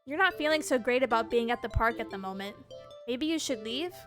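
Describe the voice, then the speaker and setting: A woman's voice: on the high side, animated, a little fast. A woman streaming a game live. She reads the game's narration aloud and reacts with frequent laughter and swearing. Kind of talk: live gameplay commentary, reading game text aloud. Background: game music.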